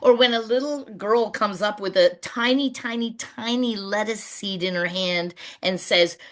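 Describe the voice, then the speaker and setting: A middle-aged woman presenting on a video call webinar about community gardens, telling stories and lively when she quotes people. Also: medium pitch, a little slow, hardly any pauses. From Canada. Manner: warm storyteller, animated when quoting people.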